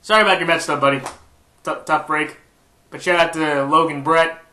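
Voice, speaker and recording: Stuffy-nosed male YouTuber, bright voice, rambling weekly picks, echoey room. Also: on the high side, fairly even intonation, normal speed. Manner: rambling, with frequent fillers and restarts. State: stuffed-up nose. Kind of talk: casual sports prediction monologue.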